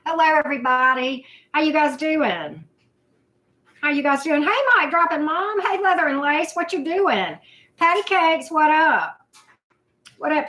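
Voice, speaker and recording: A chatty woman in her fifties with a drawl hosts a loose livestream chat. She greets viewers one by one in a voice pitched a little high. She talks in a scattered, easygoing way and pokes fun at herself. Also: bright, forceful tone, slight background noise. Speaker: livestream host. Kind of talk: casual live chat.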